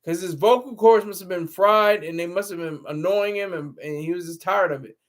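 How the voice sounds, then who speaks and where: Talking fairly quickly in a high voice, a man hosts a casual livestream on a laptop camera mic. His talk is rambling and full of laughter as he answers his chat.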